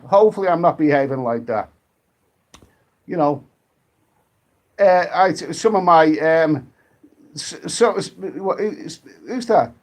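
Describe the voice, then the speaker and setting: A man from the UK, hosting a casual live stream, rambling and halting with many restarts while reading out viewer comments and drinking. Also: high-pitched, expressive. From United Kingdom.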